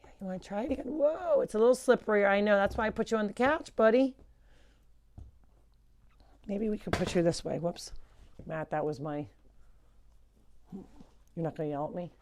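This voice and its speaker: A woman's voice: mid-range voice, fairly quick, long pauses, darkish tone. A woman hosting a live farm show, chatting casually and switching into cooing baby talk with the animals, indoors at home on a clip-on mic. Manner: coos and baby-talks to animals; chatty, rambling explanations. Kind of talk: casual live-stream chat. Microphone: clip-on microphone.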